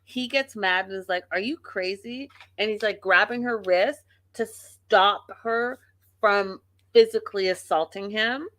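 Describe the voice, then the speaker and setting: Slow-talking bright-voiced woman recap host. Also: medium pitch, no room sound. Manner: blunt, emphatic, profane ranting. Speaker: show host. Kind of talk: casual reality TV recap.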